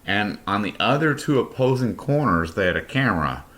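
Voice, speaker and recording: Deep-voiced, profane middle-aged man. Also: very animated, fairly quick, fairly bright tone. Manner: blunt, profane, rambling. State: has been drinking. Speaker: podcast host. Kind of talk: storytelling monologue.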